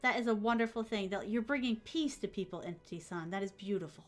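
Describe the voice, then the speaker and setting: A woman's voice: medium pitch, quick pace, faint music behind. A woman streamer in a bubbly, gushing casual chat who reads out viewer messages and adds Japanese honorifics to names. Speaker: VTuber streamer.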